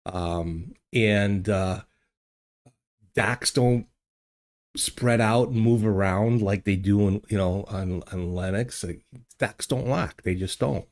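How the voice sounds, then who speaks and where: A man's voice: fairly low pitch, slow pace, a little mellow. An older man hosting a casual livestream from his home studio, rambling and chatting with viewers through many fillers and restarts. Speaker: livestream host. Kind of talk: casual chat with live chat viewers. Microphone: desk microphone.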